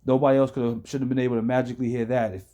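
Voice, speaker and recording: Man, stream host, sarcastic reactions, mellow voice. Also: medium pitch, level tone, rapid-fire. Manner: sarcastic, interjecting. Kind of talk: reacting to a video.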